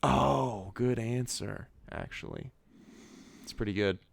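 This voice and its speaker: A man's voice: mid-range voice, slow pace, gravelly. A young man co-hosting a movie podcast, chatting casually and rambling with lots of filler words. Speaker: podcast co-host. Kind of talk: casual chat.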